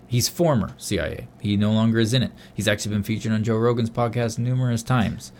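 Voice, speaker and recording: A man's voice: fairly low pitch, fairly even intonation, fast, darkish tone, slight background noise. A man co-hosting a podcast in casual chat, telling rambling, profane stories. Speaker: podcast co-host.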